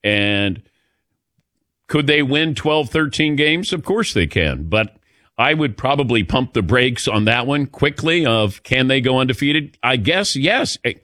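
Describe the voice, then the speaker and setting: Lively older male sports radio host. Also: medium pitch, unhurried, no echo, clean studio sound. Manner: animated storytelling, chuckling asides. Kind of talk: casual sports talk. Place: radio studio.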